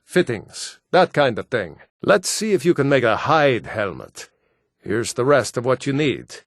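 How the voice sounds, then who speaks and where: An actor voicing assorted gruff adult Nord men in a fantasy video game, blunt and plain-spoken. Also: male voice, mid-range voice, no echo, studio quality, close to an everyday voice. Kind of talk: game voice lines.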